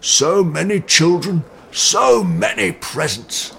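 A booming, jolly old Father Christmas, as a man reading a storybook puts him on, gravelly and slow, with a pitch that leaps all over. He sounds proud and hearty, drawing out every word, with a husky edge to his voice. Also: expressive, a bit bright, exaggerated voice.

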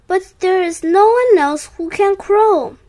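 A woman's voice: very high voice, measured pace, darkish tone, pitched above the performer's own voice. Lady doing a sick little rooster, sore throat, moany, storybook animal. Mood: moaning. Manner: moaning, sorry for himself. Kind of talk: storybook read-aloud.

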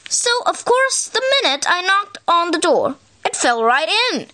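A woman reading a picture book aloud in an animated, expressive way, as a storyteller. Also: very high voice, measured pace.

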